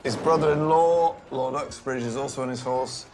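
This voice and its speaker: Gravelly man narrating deadpan. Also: mid-range voice, moderate pace, faint music behind. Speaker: comedian storyteller. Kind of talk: comic history retelling.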